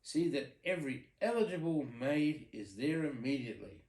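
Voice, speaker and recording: Brief: dad playing a blustering old storybook king, lively lilt, echoey room. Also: a little high, moderate pace. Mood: impatient.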